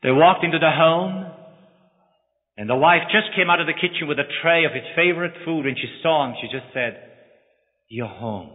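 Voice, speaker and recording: A man's voice: on the high side, a little fast. A male preacher telling a story in a dramatic, emotional sermon. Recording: echoey hall, phone-like lo-fi.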